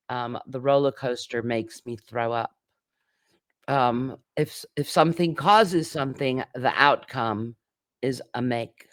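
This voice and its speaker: A man's voice: mid-range voice, dry recording, studio quality. A man teaching an English grammar lesson, patiently explaining with many examples and occasional fillers.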